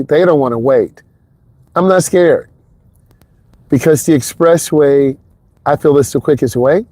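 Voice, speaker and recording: Guy chatting to the camera while he drives, kinda high voice, clip mic in the car. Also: warm tone, dry recording. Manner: chatty, rambling, talks straight to the viewer. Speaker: driving instructor. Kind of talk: casual vlog while driving. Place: inside a car on an expressway. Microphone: wireless clip-on mic into a phone.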